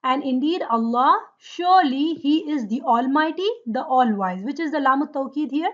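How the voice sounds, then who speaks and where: Woman teaching arabic grammar, high voice, checks "right? okay?" a lot, kinda muffled lo-fi audio. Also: animated. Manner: drills forms slowly, checks with "right?" and "okay?". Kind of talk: lesson on Quranic Arabic grammar.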